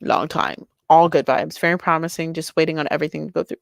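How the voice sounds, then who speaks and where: A young woman streams live, chatting casually with her viewers and reading their messages aloud. Her voice sits a little low, and she swings into excited, bubbly bursts. The sound is dry and close, with no room around it. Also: fast talker, creaky, hardly any pauses, no echo.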